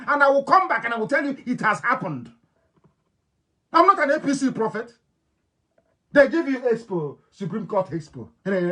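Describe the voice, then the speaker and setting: A man with an Igbo-influenced Nigerian accent, a native Igbo speaker, gives an impassioned radio address to his followers. He is emphatic and repetitive, swinging between loud declarations and low, intense tones. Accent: Nigerian, Igbo-influenced English. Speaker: political leader broadcasting to followers.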